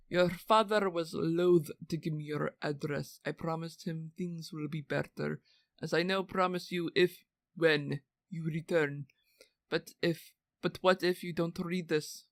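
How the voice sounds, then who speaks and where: A woman's voice: sits low, dry recording. Woman reading as a lovesick brooding carver. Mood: anguished. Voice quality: wrong-accented, theatrical. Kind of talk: dramatic reading of a letter.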